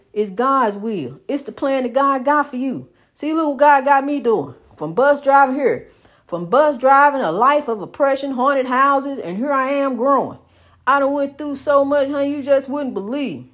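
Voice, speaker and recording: A woman preaching a personal testimony, rhythmic and repetitive, calling the listener honey and building to loud exhortation. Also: high voice, animated, measured pace. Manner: rhythmic, repeats phrases, calls listener honey.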